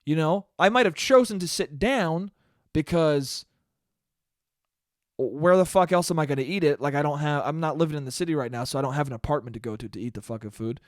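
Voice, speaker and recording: A man rants alone into the mic, his voice pitched high for a man and swinging into sudden loud bursts of exasperation. He swears freely and talks fast in a casual monologue. The sound is dry and close, with no room echo. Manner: profane, exasperated ranting with sudden loud spikes. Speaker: podcast host. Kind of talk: solo ranting podcast monologue.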